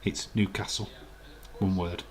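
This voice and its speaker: A West Yorkshire man with a Yorkshire accent hosts a casual live watch-along, sparring playfully and argumentatively with his viewers. His low voice keeps a level tone at a measured pace.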